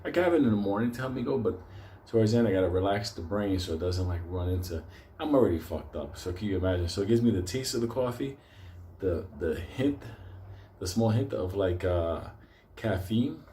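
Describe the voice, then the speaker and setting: A man's voice: lowish voice, expressive, a little fast, warm tone, slight background noise. A man ranting casually to his viewers, swearing constantly, rambling and laughing often. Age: older. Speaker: stock market video host. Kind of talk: profane casual monologue to viewers.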